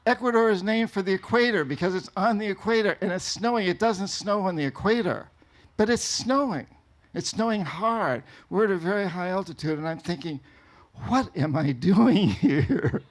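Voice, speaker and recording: A man from New England telling a travel story to an audience in an animated way, laughing often. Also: high-pitched, fairly quick. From New England, USA. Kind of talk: storytelling talk.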